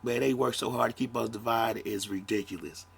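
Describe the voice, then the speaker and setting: A man's voice: mid-range voice, steady tone, brisk, gravelly, husky. A man in his fifties, a podcast host, talking bluntly in a casual monologue and swearing freely. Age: 50s. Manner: blunt, profane, conversational.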